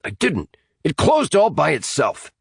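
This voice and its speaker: A man's voice: fairly high pitch, huge pitch swings, unhurried, vocal fry, breathy edge, no room sound, clean studio sound, pitched above the performer's own voice, full character voice. A man voicing a big, blunt teenage boy who sounds wary.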